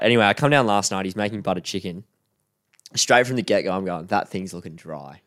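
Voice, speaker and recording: Laid-back bloke telling a story. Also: male voice, fairly low pitch, brisk, a bit bright, no echo, clean studio sound. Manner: laid-back storytelling, quotes a mate in put-on voices. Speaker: podcast co-host. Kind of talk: casual chat.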